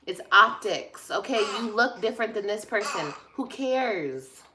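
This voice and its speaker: A woman's voice: mid-range voice, lively intonation, unhurried, noisy background. A woman vlogger ranting on a livestream, blunt, profane and passionate, reading and answering viewer comments. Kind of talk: livestream rant.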